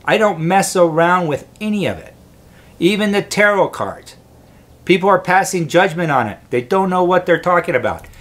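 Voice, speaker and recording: A man hosting his own show, giving an earnest, rambling spiritual monologue to camera with many restarts. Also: fairly high pitch. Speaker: host.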